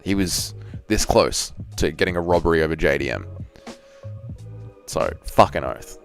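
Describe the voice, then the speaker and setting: Profane Australian man with a low gravelly voice. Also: lively intonation, normal speed, soft background music. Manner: crude, profane banter, reads out chat. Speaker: streamer. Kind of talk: casual livestream chat.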